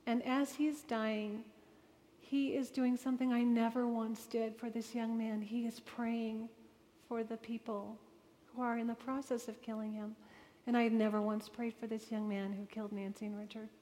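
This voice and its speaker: A woman's voice: on the high side, little pitch movement, normal speed, mellow. A woman giving a personal testimony talk to an audience, telling her story earnestly and emotionally with vivid retold dialogue. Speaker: speaker addressing an audience. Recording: long reverb of a large hall.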